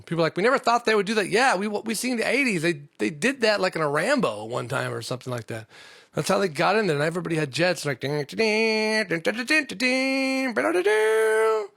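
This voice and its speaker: Gravelly man rambling through a comedy podcast. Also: mid-range voice, a bit bright, no echo. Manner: profane, rambling, jokey. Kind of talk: rambling solo podcast chat.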